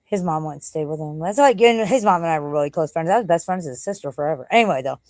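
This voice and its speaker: A woman's voice: deep voice, expressive, quick pace, darkish tone, no room sound. A middle-aged woman chatting casually on a livestream at home, rambling and swearing offhandedly. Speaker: livestream host. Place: at home, walking out to the backyard.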